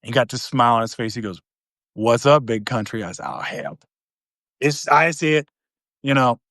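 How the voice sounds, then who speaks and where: A man's voice: mid-range voice, moderate pace, no room sound, studio quality. A middle-aged man from East Tennessee, chatting casually as a podcast host and telling stories, acting out the voices of the people in them. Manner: animated storyteller, acts out quoted voices. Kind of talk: casual storytelling chat.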